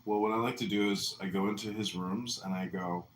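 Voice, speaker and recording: A man's voice: fairly low pitch, steady tone, brisk. A man hosting a casual audio room chat, full of crude mocking jokes. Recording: roomy echo, faint noise.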